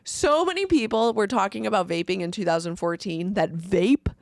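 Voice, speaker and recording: A woman's voice: medium pitch, expressive, normal speed, gravelly, a little hiss or hum. A woman co-hosting a podcast in casual chat, chatty and sarcastic, often laughing, on a close mic. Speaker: podcast co-host.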